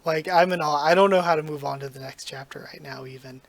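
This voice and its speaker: A man's voice: a little high, quick pace, vocal fry, dry recording. Gushing, emotional manga reactor man. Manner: excited and gushing, trips over his words. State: emotional, near tears.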